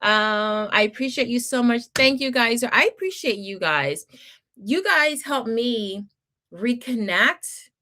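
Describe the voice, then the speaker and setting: Speaking slowly in a slightly high, bright and forceful voice, this middle-aged homeschool channel host is animated as she reads viewer comments on a casual livestream. Her advice is chatty and encouraging, sprinkled with laughs and restarts, and she talks to viewers in a Southern manner over slight background noise.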